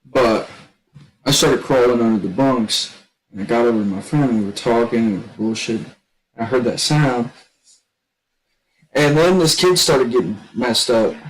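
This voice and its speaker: A man telling a long story in casual chat. He rambles and restarts a lot, and shouts when he quotes other people. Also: medium pitch, moderate pace, pauses often, low-quality recording. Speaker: gaming streamer telling a story.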